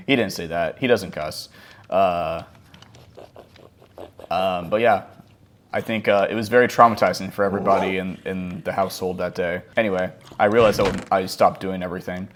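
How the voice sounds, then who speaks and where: A man's voice: low-pitched, moderate pace. A man around thirty chatting casually over his gameplay, rambling and self-mocking, dropping to mumbles and jumping to yelps. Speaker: gaming vlogger.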